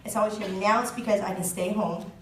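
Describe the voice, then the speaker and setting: A woman in her thirties leads a sales team training, chatty and full of jokes and laughter. Her middle-pitched voice is caught from some distance, bouncing around a roomy space. A faint ambience sits behind her. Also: fairly even intonation, quick pace, slight background noise. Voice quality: chatty, joking, laughs often. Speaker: direct sales team leader giving a training talk. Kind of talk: chatty live presentation.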